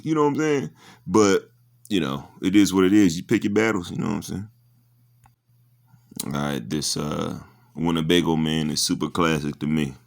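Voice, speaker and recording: A man with a very deep, low voice talks in a loose, slangy way as host of his channel. He keeps it casual and unhurried, checking in with the listener as he goes. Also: gravelly. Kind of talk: casual commentary.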